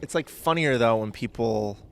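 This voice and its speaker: A man's voice: mid-range voice, normal speed, vocal fry. A man chatting casually as a podcast guest, rambling and hesitant with lots of filler words.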